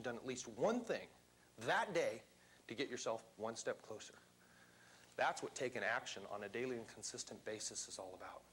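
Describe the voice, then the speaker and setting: A man's voice: mid-range voice, fairly bright tone, slight background noise. A man giving a motivational seminar talk to a live audience in a seminar room, speaking emphatically and quizzing the crowd.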